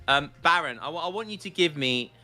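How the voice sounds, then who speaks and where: A man casting a live strategy game, excitable and joking, with frequent restarts. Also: a little high. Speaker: esports caster.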